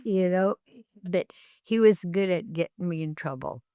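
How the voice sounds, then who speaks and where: An older woman from Alaska, an elder telling family stories in an interview, slow and gentle, acting out the dialogue. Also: fairly low pitch, no echo, studio quality. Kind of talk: storytelling in an interview.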